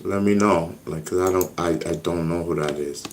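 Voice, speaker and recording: A man's voice: low-pitched, fairly even intonation, normal speed, background noise. A man hosting a casual livestream with speech, rambling and often repeating "you know what I mean.". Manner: gets loud and shouty when worked up. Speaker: livestream host.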